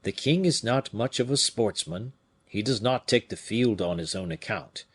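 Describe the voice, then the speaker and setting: A man voicing a humble, regretful royal falconer in an audiobook, speaking low and subdued in a confiding tone. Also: lively intonation, normal speed, husky.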